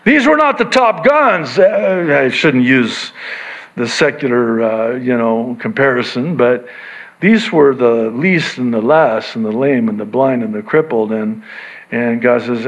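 A man preaching a sermon in a conversational, animated way, often slipping into acted voices to make his points. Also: mid-range voice, measured pace, lo-fi sound. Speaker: pastor.

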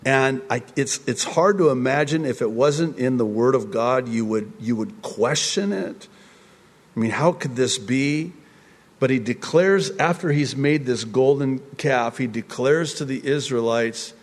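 A man preaching in an unhurried, drawn-out way, his words wandering with restarts and sudden excited rises. His voice sits at an ordinary middle pitch. It rings with the long reverb of a large hall. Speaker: pastor. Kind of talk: conversational sermon.

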